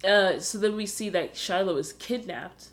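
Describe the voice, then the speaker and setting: A woman co-hosts a relaxed podcast and talks in an easy, chatty way. She explains things for the listeners and teases her co-host as she goes. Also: mid-range voice, normal speed. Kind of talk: casual chat recapping a musical.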